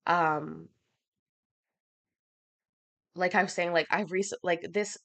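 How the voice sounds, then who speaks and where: A woman hosting a casual livestream, chatting with viewers and reading their comments. She sounds a little hoarse and short of breath from a cough, with lots of ums. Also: fairly low pitch, fairly even intonation, slow pace, fairly bright tone. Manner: chatty, filler-heavy, reads out viewer comments. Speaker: livestream host.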